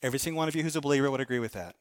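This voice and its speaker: A man preaching a sermon as a pastor, stressing key phrases by slowing down and acting out imagined prayers in a higher voice. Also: clean tone.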